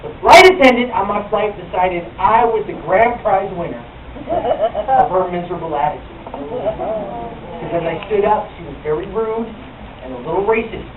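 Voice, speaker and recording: A man's voice: high voice, lively intonation, normal speed, phone-quality sound. A male stand-up comedian telling a brash, profane story in a small club. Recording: echoey club, taped from the crowd far off. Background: audience laughter and club noise.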